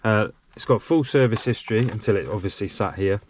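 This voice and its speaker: A man's voice: on the low side, animated, a little fast, a little mellow, a little hiss or hum. A man hosting a casual car vlog, chatty and chummy with rambling asides. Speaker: channel host.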